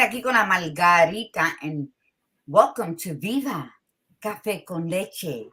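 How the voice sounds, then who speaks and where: A woman hosting a casual talk show, blunt and expressive, with a tired morning voice, dropping in Spanish greetings. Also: lowish voice, measured pace. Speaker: podcast host. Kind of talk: casual chat.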